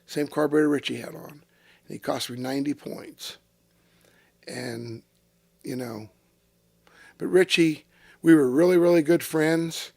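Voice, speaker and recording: A man's voice: on the high side, measured pace, pauses often, no room sound. An older man, telling salty, profane racing stories in a casual interview. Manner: salty, profane, animated storyteller. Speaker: retired race car driver, interview guest. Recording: dry close-miked studio sound.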